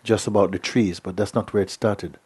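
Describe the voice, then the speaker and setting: A man giving a spiritual talk, telling a story in an unhurried way with many hesitations. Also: on the low side, fairly even intonation, darkish tone, husky. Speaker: spiritual teacher.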